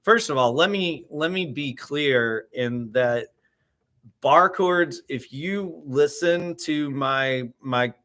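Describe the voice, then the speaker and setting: A man teaching guitar in a casual, halting way, often repeating words as he explains and counting beats aloud. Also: on the high side, a bit bright.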